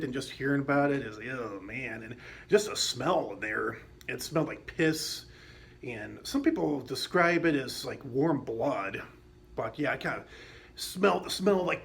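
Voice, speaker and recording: A man's voice: on the high side, vocal fry. A man telling a personal story in a casual, rambling way, with many fillers and restarts and some blunt swearing. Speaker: vlogger.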